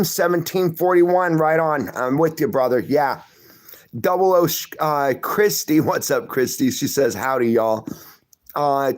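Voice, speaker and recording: A middle-aged man hosting a livestream, reading viewer comments and greeting each person by name in a casual, friendly chat. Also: on the high side. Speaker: livestream host.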